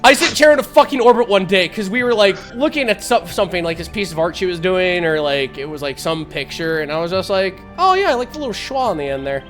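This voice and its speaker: A man's voice: high voice, expressive, quick pace, few pauses, fairly bright tone, soft background music. A man from the Midwest telling a rambling, laugh-filled story on a live stream, swearing freely. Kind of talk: casual storytelling chat.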